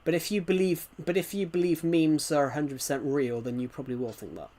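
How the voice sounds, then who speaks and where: A man's voice: a little high, brisk, mellow. A British man chatting casually on a game stream, rambling and repeating himself, his mic set a bit away behind a laptop. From Britain. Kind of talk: casual gaming stream chat.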